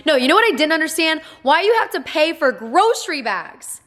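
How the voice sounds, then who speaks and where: Woman in her twenties, bubbly and chatty, slightly high voice, faint music behind. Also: big pitch swings, a little fast, a bit bright. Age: 20s. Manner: bubbly, chatty, playful asides to viewers. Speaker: vlogger. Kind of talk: casual vlog chat to camera. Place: home in Dallas, in a swing chair.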